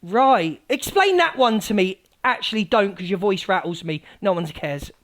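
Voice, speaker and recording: A woman hosting a live stream, ranting scathingly at rivals, mocking them and swinging from loud outbursts to low mutters. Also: lively intonation, moderate pace. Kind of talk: heated live-stream rant.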